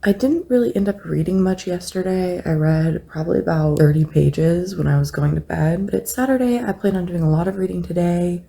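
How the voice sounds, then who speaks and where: A young woman chatting casually in a reading vlog, expressive and talkative. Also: lowish voice, gravelly. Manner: chatty, expressive, drifts into soft tearful reading. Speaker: book vlogger.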